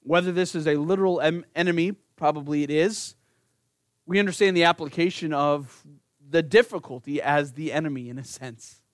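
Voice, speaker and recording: A man's voice: a little high, normal speed, no echo, studio quality. A man preaching an earnest sermon, speaking directly to his congregation and rising into pleading emphasis. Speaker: pastor.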